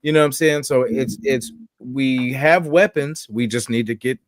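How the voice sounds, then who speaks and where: A man's voice: mid-range voice, moderate pace, no echo. Laid-back man talking sports, dry sound. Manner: laid-back, reasoning aloud with filler phrases. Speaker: podcast co-host. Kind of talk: casual sports chat.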